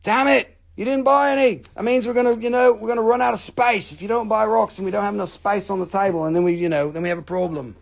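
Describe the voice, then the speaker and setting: A man's voice: sits high, fairly even intonation, fast, creaky, hardly any pauses. A man hosting a live stream and selling rocks and crystals, with a playful, rambling, joking sales patter that repeats itself.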